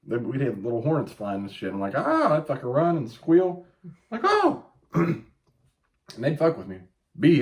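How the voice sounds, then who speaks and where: A man in his late thirties hosting a casual chat, telling stories with lots of swearing and yelped quotes. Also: medium pitch. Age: 30s. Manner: profane, animated storytelling with yelped quotes. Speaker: podcast host.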